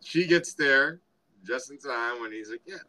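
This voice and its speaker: A man's voice: mid-range voice, a little slow, sharp tone, slight background noise, rough recording. A man co-hosting a podcast, casually retelling movie scenes in a rambling way with lots of fillers. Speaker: podcast co-host. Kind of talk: casual movie review chat.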